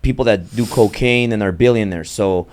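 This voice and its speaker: A male interview host with a lowish voice. He asks his questions haltingly, stumbling over words and starting again. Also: darkish tone.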